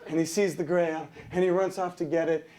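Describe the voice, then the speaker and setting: A man pitching storyboards, playfully narrating the scene out loud and acting it out. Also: level tone, fairly quick. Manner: playful, laughing, acts out the scene.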